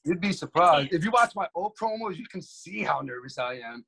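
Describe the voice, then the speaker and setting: A man's voice: fairly high pitch, animated, moderate pace, vocal fry, fairly bright tone. A man, a wrestler guest in a casual interview, talking in a laid-back slangy way full of "like".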